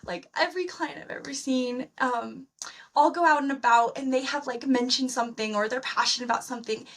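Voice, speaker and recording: A woman's voice: high voice, fairly quick, recorded from a distance. A woman therapist, a guest on a podcast, speaking enthusiastically and animatedly, with many uses of "like". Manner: enthusiastic, animated, heavy use of "like". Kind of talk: conversational podcast interview.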